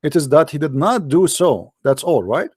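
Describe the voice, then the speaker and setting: A man's voice: on the high side, expressive, normal speed, darkish tone, breathy edge, no room sound, clean studio sound. A man hosting a heated religious debate, arguing insistently in broken English. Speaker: host debating a caller.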